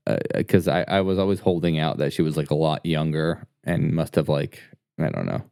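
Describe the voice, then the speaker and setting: A man co-hosting a podcast, chatting in a relaxed, halting way. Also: a bass voice, creaky, dry recording, clean studio sound. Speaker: podcast co-host. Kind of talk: casual chat.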